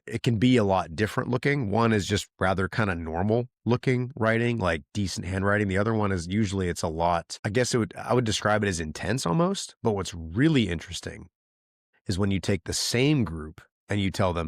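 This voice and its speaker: A man's voice: sits low, moderate pace, no echo, studio quality. A male podcast host giving casual, emphatic advice, repeating himself and checking in with frequent okays. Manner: emphatic and repetitive, with many okays and likes.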